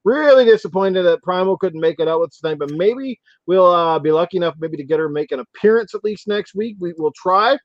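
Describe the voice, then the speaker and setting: A man hosting a gaming podcast, swearing a lot and getting excited. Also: high voice, fairly quick, hardly any pauses, no echo, muffled recording. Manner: profane, excitable, laughing easily. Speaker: podcast host. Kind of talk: casual podcast chat.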